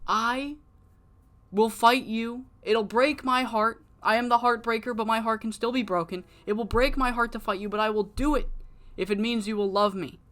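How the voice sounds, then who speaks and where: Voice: medium pitch, steady tone, normal speed, a bit bright, pitched above the performer's own voice, close to an everyday voice. A narrator putting on a needy lovesick male wrestler. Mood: pleading. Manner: begging, repetitive, overeager.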